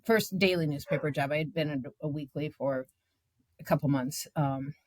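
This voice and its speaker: A woman in her fifties, a journalist guest, telling her own stories in a candid, animated way with many filler words. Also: sits low, normal speed, no echo. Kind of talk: candid conversational storytelling.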